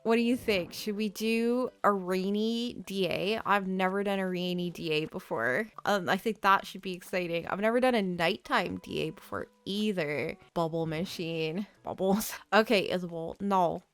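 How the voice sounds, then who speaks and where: A woman's voice: medium pitch, moderate pace, few pauses, smooth. A young woman hosting a gaming channel, chatting playfully through casual gameplay commentary and reading game dialogue aloud.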